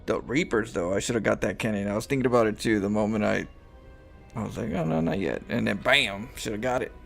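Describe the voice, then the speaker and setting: A man's voice: lowish voice, steady tone, fast talker, creaky, a bit bright. A man chatting playfully and laughing easily with a friend while they play a video game. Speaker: gamer co-hosting a game session. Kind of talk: casual chat while playing a video game. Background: game music and sounds.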